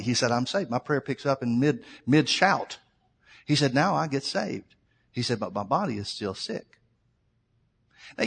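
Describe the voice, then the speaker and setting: A male pastor preaching a sermon, telling a story and swinging between loud, fervent preaching and quiet asides. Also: mid-range voice, husky. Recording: long hall reverb.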